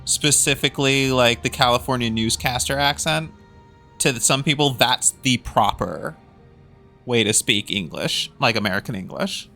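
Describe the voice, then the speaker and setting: A man's voice: mid-range voice, normal speed, pushed and bright, faint music behind. A man streaming a video game, chatting casually, laughing often and swearing freely. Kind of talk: casual livestream chat.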